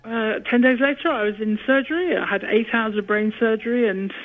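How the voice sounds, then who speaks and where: A woman's voice: a little high, a little fast. British woman telling a story down a phone line. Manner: animated, laughing storyteller. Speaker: guest opera singer. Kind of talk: storytelling interview.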